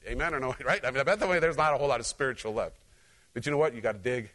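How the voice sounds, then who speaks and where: In a racing, mid-range voice, a man preaches an animated sermon that feels like conversation. He is a pastor who tells personal stories and talks straight to his congregation.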